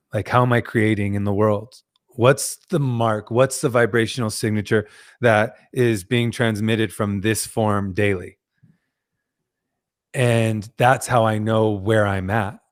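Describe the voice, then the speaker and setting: Guy hosting a podcast, slow and earnest, kinda gushing. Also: fairly low pitch. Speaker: podcast host. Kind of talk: casual spiritual conversation.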